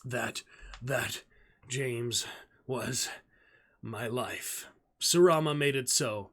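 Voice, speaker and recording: A man voicing a dying, feverish male doctor who speaks haltingly, breaking off mid-phrase. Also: mid-range voice, a bit bright, heavily acted. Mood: broken.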